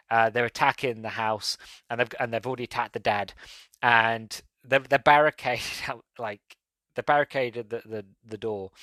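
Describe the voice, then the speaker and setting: A man's voice: medium pitch, fairly bright tone, dry recording. Brief: male podcast host, rambling casual review, dry close sound. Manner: rambling, chatty, laughs at own retelling. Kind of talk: casual movie review chat.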